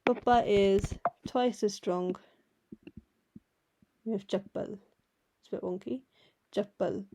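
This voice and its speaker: A woman teaching a writing lesson, patiently explaining each letter and repeating words slowly. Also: medium pitch, warm tone. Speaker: language teacher. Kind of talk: slow step-by-step alphabet lesson.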